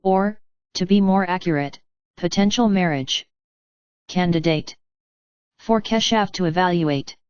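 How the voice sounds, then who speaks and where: A woman's voice: fairly low pitch, unhurried, pauses often, clear, resonant tone, dry recording, lo-fi sound, close to an everyday voice. A woman reading an audiobook, voicing a cheerful, self-assured young woman who teases playfully. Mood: teasing.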